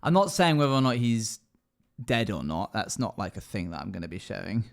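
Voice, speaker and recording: A man's voice: lowish voice, sing-song, fairly quick, creaky. A man streaming live as a dungeon master, chatting emotionally and rambling as he reacts to chat. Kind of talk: casual livestream chat.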